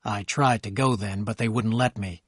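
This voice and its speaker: A man's voice: on the low side, fairly even intonation, normal speed, a bit bright, slightly rough, no echo. Man reading a story, dry sound. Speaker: narrator. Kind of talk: scripted narration.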